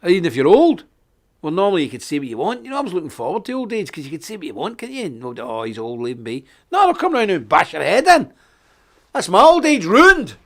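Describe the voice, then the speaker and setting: A man's voice: high-pitched, wildly swooping pitch, fast talker, a bit bright. A middle-aged Scottish man hosting a live online show, ranting indignantly with sarcastic asides. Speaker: host.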